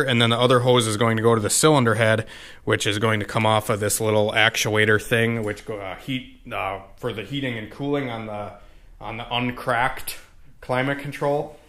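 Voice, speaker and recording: A young man talks through wiring and transmission work in his home garage. His voice is bright and forceful, and his speech is loose and rambling, full of fillers and cursing. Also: medium pitch, fairly even intonation, moderate pace. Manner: rambling, profane, many fillers. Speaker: car tuning vlogger. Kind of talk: casual garage walkthrough.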